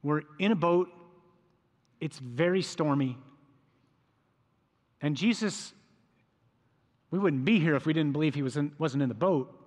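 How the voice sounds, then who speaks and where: Priest guy giving a sermon, fairly high voice, tells the story and does the disciples' voices, big echoey hall. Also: unhurried, long pauses. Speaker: priest preaching.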